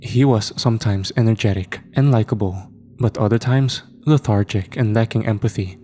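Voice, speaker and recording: Horror narrator, male, low mellow voice, steady ominous delivery. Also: slight background noise. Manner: measured, ominous. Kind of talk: scripted narration.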